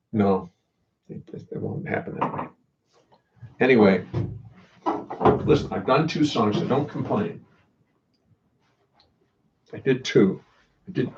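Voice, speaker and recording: Gravelly man rambling between songs. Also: medium pitch, darkish tone, highs cut off. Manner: rambling, self-deprecating, halting. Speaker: jazz bassist and singer. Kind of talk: casual chat between songs on a livestream.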